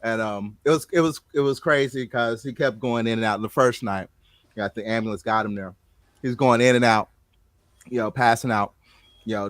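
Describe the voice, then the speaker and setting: A man hosting a casual chat, telling a story in an animated way and loudly acting out what people said. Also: mid-range voice, no room sound. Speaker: show host.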